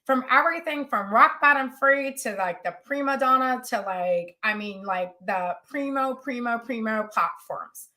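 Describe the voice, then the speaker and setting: Lady coach talking to her group live, chatty, lots of y'all, bright voice. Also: fairly high pitch, moderate pace, hardly any pauses. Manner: chatty, animated, says y'all. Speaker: business coach.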